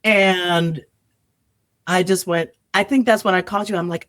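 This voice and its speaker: A woman, an improv comedian and podcast guest, telling animated, profane stories and acting out the people in them in casual chat. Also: fairly low pitch, normal speed, dry recording, studio quality. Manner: animated storyteller, acts out quoted voices, swears freely.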